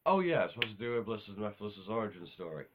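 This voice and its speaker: A man's voice: lowish voice, sing-song, racing, dull audio, noisy background. A man talking in a casual, unscripted monologue, rambling offhand with self-corrections and casual swearing. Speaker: video host ranking game villains.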